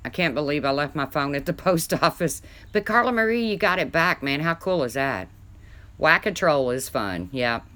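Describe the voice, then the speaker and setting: Deep-voiced chatty woman on a livestream. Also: lively intonation, normal speed, bright, forceful tone. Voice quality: deep voice that people mistake for a man's. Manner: chatty, reads viewer comments aloud, swears casually. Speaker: livestream host. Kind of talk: casual livestream chat with viewers.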